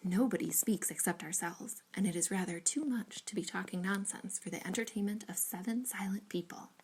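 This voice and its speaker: A woman's voice: medium pitch, fairly quick, darkish tone, slightly rough, lightly acted. A woman reading as a witty, spirited young lady. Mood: bantering. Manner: arch and bantering.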